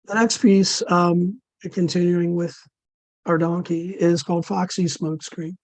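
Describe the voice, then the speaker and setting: A man with a scratchy voice from dysphonia, reading his own absurd flash fiction in a dry, deadpan way over a video call. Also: high voice, measured pace, no echo.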